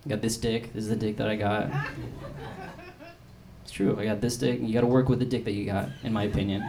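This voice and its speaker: On a comedy club stage, a young man in his 20s races through a self-deprecating, rambling set, repeatedly restarting and saying "like." He speaks on the low side with little pitch movement, amid crowd noise and laughter in a noisy live recording.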